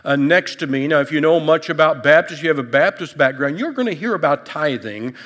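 A man's voice: a little high, animated, fairly quick, a bit bright, long reverb tail. A male pastor preaching a sermon in a conversational, folksy way, with light humor and frequent restarts. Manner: repeats words and restarts often.

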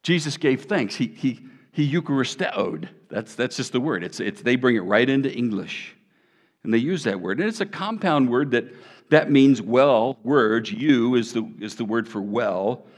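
A middle-aged man, preaching a sermon in an animated, conversational way. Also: medium pitch, normal speed, in a large hall. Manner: animated, conversational preaching with sound effects and jokes. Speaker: pastor.

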